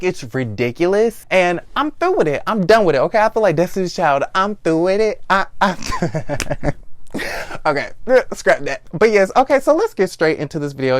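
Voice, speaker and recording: A man's voice: a little high, no room sound. A young man hosting his own vlog, recapping a reality TV show in a sassy, blunt, profane chat. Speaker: vlog host.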